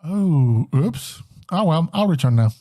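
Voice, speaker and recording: A man's voice: a little high, lively intonation, measured pace, warm tone, dry recording, clean studio sound. A man doing a spacey dragon lady. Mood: carefree. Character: rambling spacey female metal dragon.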